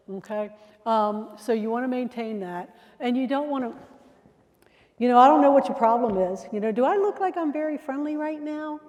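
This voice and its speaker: A woman's voice: medium pitch, mellow. A woman giving a security training presentation in a chatty, conversational way, sometimes acting out example phrases. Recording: long hall reverb.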